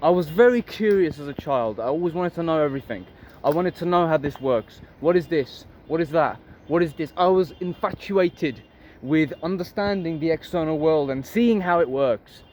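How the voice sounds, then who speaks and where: High-voiced man musing aloud. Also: lively intonation, normal speed, a little mellow, a little hiss or hum. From Harlow, Essex, England. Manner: rambling, musing, swears freely. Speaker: vlogger. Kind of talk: casual philosophical monologue.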